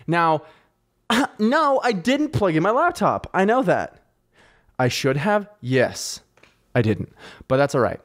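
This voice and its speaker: A young man hosting his own podcast alone, rambling and mocking himself, with casual swearing. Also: on the high side. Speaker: podcast host. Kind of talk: casual solo podcast talk.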